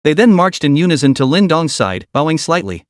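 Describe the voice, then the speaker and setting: A man's voice: fairly high pitch, sing-song, a little fast, dry recording, studio quality. A man narrating a comic story recap in a dramatic storytelling manner.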